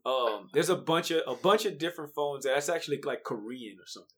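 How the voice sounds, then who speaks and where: A man's voice: a little high, animated, fast talker, fairly bright tone. A man on a podcast patiently explaining things in a casual chat.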